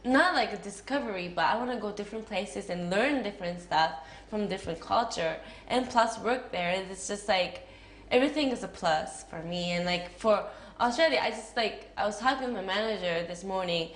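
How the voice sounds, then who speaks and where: Speaking briskly in a mid-range voice, this young Japanese-accented woman is an actress being interviewed. Her answers are relaxed and talkative, peppered with fillers and giggles, recorded in an echoey space with faint background noise.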